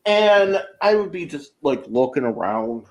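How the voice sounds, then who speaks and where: A man's voice: a little high, sing-song, unhurried, roomy sound. A man telling a story in casual, profane chat, rambling and restarting often. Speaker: guest being interviewed.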